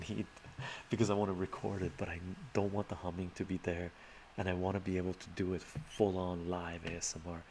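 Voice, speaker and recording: Deep-voiced man in a rambling stream Q&A. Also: a little mellow. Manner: rambling, reads out and answers viewer chat. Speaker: live stream host. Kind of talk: casual live stream Q&A. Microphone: laptop mic. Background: laptop fan hum.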